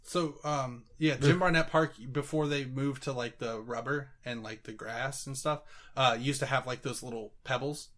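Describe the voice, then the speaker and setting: A man's voice: mid-range voice, steady tone, moderate pace, fairly bright tone. A young man in casual chat, rambling through anecdotes with lots of fillers.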